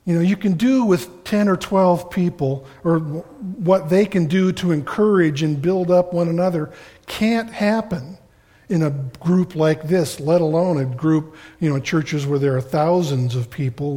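A man preaches in a relaxed, rambling way, stopping to poke fun at himself. His voice sits somewhat high for a man. It rings out with the long reverb of a big church hall. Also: unhurried. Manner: casual, rambling, self-deprecating. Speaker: pastor. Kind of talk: conversational sermon.

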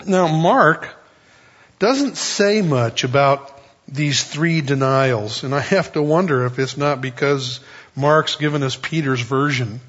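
A man's voice: medium pitch, slow pace, fairly bright tone. A man preaching an expository sermon in a conversational way, with folksy asides. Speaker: pastor. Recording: dull lo-fi recording.

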